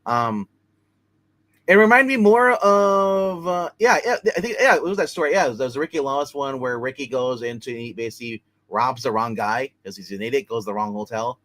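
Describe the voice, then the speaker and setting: A man's voice: mid-range voice, lively intonation, a little fast, fairly bright tone. A man hosting a live comic book review, recapping plots casually with many fillers and restarts.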